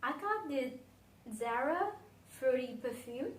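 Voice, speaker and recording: A woman's voice: sits high, expressive, slow. Dreamy Vietnamese woman in an echoey room. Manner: dreamy, reflective, often trails off mid-sentence. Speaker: beauty vlogger. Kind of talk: casual fragrance review. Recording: roomy echo, slightly distant from mic.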